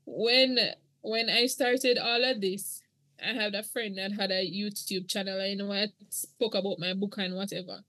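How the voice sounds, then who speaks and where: Recorded dry, a middle-aged woman with a mid-range, somewhat bright voice speaks at a normal pace and a steady tone. As a podcast guest, she earnestly shares her own story, emotional and church-toned, in the manner of an interview testimony.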